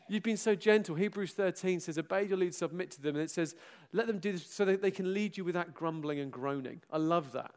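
This is a middle-aged pastor's spirited goodbye speech to his church, in which he teases himself and erupts into loud exclamations and laughter. His voice sits high, he talks at a normal speed, and he barely pauses.

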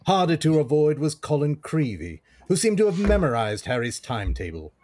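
A man's voice: fairly high pitch, sing-song, normal speed, darkish tone, a little hiss or hum, voice pushed up. A man putting on a posh British accent to read a children's novel aloud. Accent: posh British (put on).

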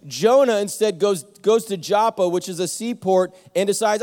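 A man preaching a Sunday sermon as pastor, telling stories in a lively way with self-mocking jokes and quick restarts. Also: high voice. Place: church sanctuary. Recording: long church hall reverb.

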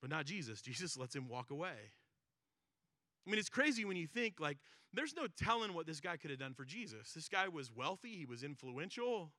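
A pastor preaching a sermon in a conversational way, asking rhetorical questions and acting out quoted prayers. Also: male voice, a little high, sharp tone, no room sound, clean studio sound. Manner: conversational, repeats words and acts out quoted prayers; rhetorical questions with frequent "right?" and "like".

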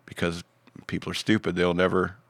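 A man's voice: low voice, monotone, brisk, dry recording. A man hosting a podcast, reading out odd news stories in a rambling, joking way with many fillers. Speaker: podcast host.

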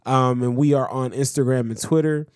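A man co-hosting a podcast speaks casually and sounds exasperated, laughing even as he protests. His medium-pitched voice is a little mellow, with fairly even intonation and a normal pace. The recording is dry and studio quality, made on a podcast microphone.

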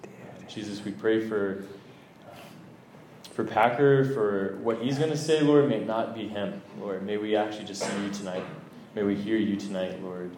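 A man leading a slow, halting spoken opening prayer, repeating Lord between phrases. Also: lowish voice, a little mellow. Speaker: prayer leader. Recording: echoey room with faint ambience.

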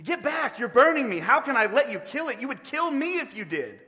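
A preacher putting on a panicky, whining ghost. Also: male voice, extremely high pitch, very animated, a little fast, bright, forceful tone, voice pushed up, full character voice. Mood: panicked. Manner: whiny, panicky pleading, raised and strained. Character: frightened, pleading male ghost clinging to his sin. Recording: long reverb of a large hall.

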